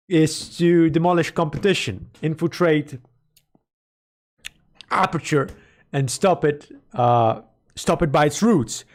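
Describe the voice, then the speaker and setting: A man's voice: a little high, a little slow, long pauses. A man live-streaming, talking through game lore in a rambling way and correcting himself as he goes. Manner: rambling, self-correcting, speculative. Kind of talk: casual live-stream commentary.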